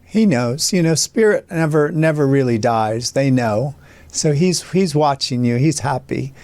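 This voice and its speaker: A man's voice: mid-range voice, expressive, unhurried, darkish tone, no room sound. A man hosting an interview, asking questions and offering upbeat encouragement. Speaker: interview host.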